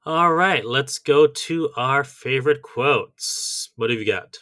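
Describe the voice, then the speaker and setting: A male podcast co-host talks in a casual, methodical way, working through a list point by point. His voice has a bright, forceful edge. The sound is dry and close on the podcast mic. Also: mid-range voice, slow pace, no room sound. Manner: methodical, reads out lists of tips. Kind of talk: casual chat.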